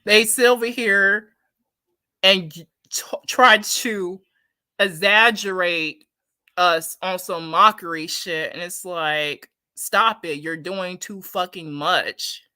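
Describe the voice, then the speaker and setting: A woman's voice: fairly low pitch, slow pace, pushed and bright, no room sound. A woman giving a casual, heated, profane opinion rant to her viewers, blunt and repeating herself for emphasis. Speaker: commentary streamer.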